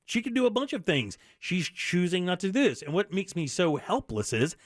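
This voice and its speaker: A man's voice: high voice, big pitch swings, normal speed, dry recording, clean studio sound. A middle-aged man hosting a radio show, talking earnestly and bluntly with many restarts. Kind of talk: candid talk radio monologue.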